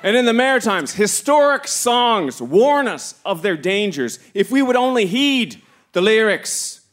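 A man comedian firing deadpan one-liners in a live theatre debate. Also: high voice, measured pace. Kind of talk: stand-up debate speech. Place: theatre stage. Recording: live theatre, loud crowd and noise. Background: audience laughing loudly.

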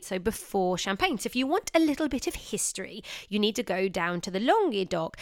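A woman's voice: mid-range voice, a bit bright, smooth, no room sound, clean studio sound. A woman hosting a podcast, talking in a casual, chatty way with light self-teasing asides. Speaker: wine podcast host. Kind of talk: casual solo podcast talk.

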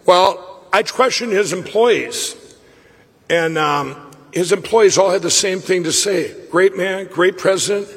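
At a live summit, a man with a husky, high voice tells a personal story from the stage, speaking slowly. He's excitable and rambling, stumbling and restarting, and a long reverb from the large hall carries his words.

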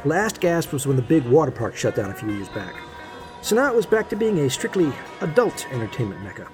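A man's voice: medium pitch, big pitch swings, fairly quick, over music, natural voice. An actor playing a cocky male card hustler who narrates with a wry, sardonic tone and puts on a fake Australian accent at the table. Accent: fake Australian put-on over American. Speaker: narrator and poker player. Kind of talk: scripted audio drama.

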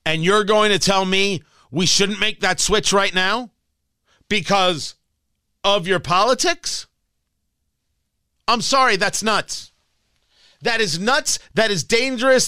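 A man's voice: sits high, sharp tone, smooth, no room sound. A man hosting a political talk show, ranting in a combative, scornful opinion monologue.

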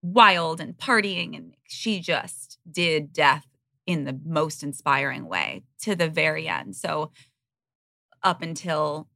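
A woman's voice: sits low, animated, slow, gravelly, bright, forceful tone, no echo, studio quality. A woman in her thirties, a podcast guest, speaking frankly and earnestly in a candid interview.

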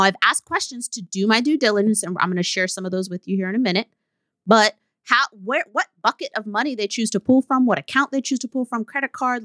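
A woman's voice: medium pitch, bright, forceful tone, no echo. Candid woman coach, blunt solo podcast host, dry recording. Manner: blunt, candid, with laughing asides.

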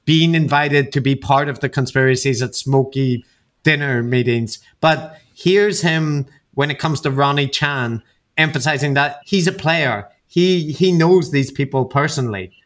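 A man's voice: medium pitch, measured pace, fairly bright tone. A man co-hosting a podcast, chatting casually with wry laughing asides. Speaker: podcast co-host. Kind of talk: casual analytical chat.

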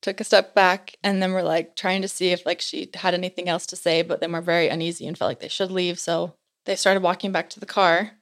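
A woman's voice: lowish voice, flat delivery, fairly quick, few pauses. A young woman guest on a podcast, casually telling a story and filling her speech with "like". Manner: chatty, fills speech with "like".

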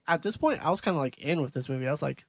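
A man's voice: on the high side, expressive, racing, dry recording. A young man co-hosting a movie podcast, recapping scenes in detail in casual chat. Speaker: podcast co-host.

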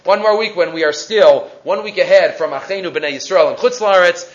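A man's voice: high-pitched, brisk, dull audio. A man teaching a weekly Torah class, asking rhetorical questions and mixing Hebrew terms into his explanations.

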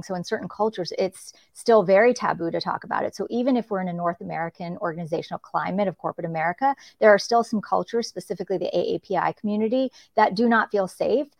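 A woman's voice: fairly low pitch, creaky, no room sound. A woman executive coach speaking as a panel guest in a direct, encouraging way. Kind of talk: panel discussion.

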